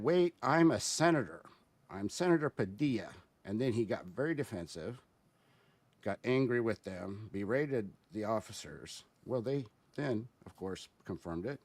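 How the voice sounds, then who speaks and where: A man giving casual spoken commentary as a guest, halting and explanatory, with many fillers and restarts. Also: on the low side, darkish tone, no room sound.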